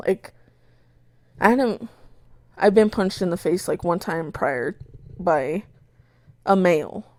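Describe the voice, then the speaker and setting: A young woman co-hosting a podcast, telling a story in a casual, animated way, swearing often and acting out her own shouts. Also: fairly low pitch, takes it slowly, no room sound. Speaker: podcast co-host.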